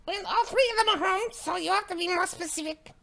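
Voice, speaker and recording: A woman's voice: very high voice, fairly quick, creaky, fairly bright tone, heavily acted. A woman voicing a small, very polite servant who talks stiffly about herself in the third person, in a tabletop role-play. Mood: formal. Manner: stiff, literal, refers to self by name.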